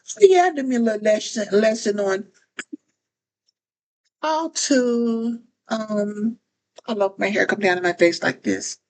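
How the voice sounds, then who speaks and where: A woman's voice: mid-range voice, measured pace, long pauses, low-quality recording. A woman giving casual talk-to-camera advice as a phone chat operator, often repeating phrases and restarting sentences.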